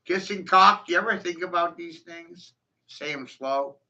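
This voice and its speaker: A man's voice: a little high, moderate pace, bright, forceful tone. A man in a profane, mocking rant, taunting his listeners and breaking into scornful laughs. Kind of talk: ranting monologue. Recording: dull lo-fi recording.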